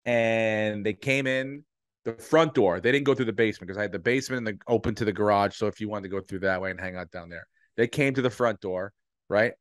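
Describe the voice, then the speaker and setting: A middle-aged man, a podcast co-host, telling a long animated story in casual chat, swearing freely and acting out the voices of people in it. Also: fairly low pitch, brisk, dry recording, studio quality.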